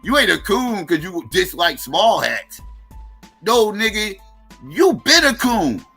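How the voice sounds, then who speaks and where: A man commenting on a livestream in a profane, incredulous rant that swings from loud outbursts to mutters. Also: sits high, very animated, takes it slowly, vocal fry, breathy edge, soft background music.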